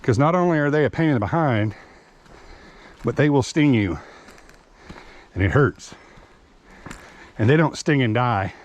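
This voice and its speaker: A man's voice: medium pitch, expressive, unhurried, pauses often, lo-fi sound. Chatty out-of-breath man hiking outdoors. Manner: chatty, explains gear plainly. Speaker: hiking vlogger. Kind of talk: casual vlog narration while hiking. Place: outdoors on a wooded park trail.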